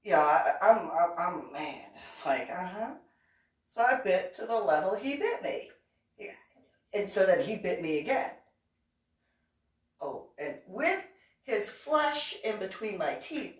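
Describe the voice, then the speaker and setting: A woman, a reverend, casually telling stories in a chatty, animated way and giggling often. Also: medium pitch, unhurried, long pauses. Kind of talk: casual storytelling. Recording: echoey room, distant from mic.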